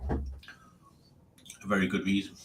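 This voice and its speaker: A man's voice: measured pace, slight background noise. A man hosting a live stream, reading chat aloud in a chatty, jokey way and laughing often. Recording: roomy echo.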